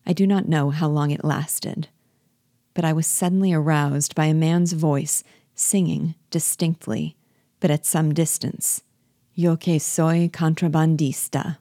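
A woman giving a measured, expressive reading of a classic novel as host of a reading series. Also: low-pitched, dry recording, clean studio sound. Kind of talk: audiobook reading.

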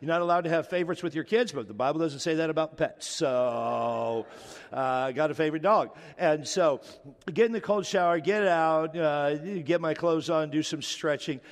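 A middle-aged male pastor with a fairly high voice preaches in a relaxed, joking way, stumbling and restarting as he goes. His voice rings out with a long reverb from a large church hall. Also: normal speed. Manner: conversational, joking, with frequent restarts. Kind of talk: sermon.

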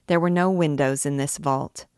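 Low-voiced woman reading a classic novel. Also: steady tone, moderate pace, darkish tone, smooth, no room sound, clean studio sound. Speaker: reader, host. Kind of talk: audiobook reading.

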